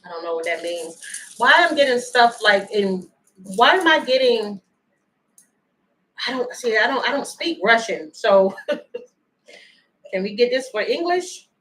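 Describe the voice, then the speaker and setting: A woman giving a chatty, animated livestream tarot reading and thanking viewers by name. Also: a little high, measured pace, long pauses, poor audio. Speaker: tarot reader.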